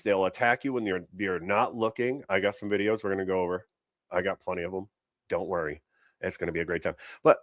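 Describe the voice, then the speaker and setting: A man's voice: fairly low pitch, dry recording, clean studio sound. A man hosting a show, giving a blunt, profane running commentary on video clips. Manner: blunt, swearing, fired up. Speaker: show host reacting to clips.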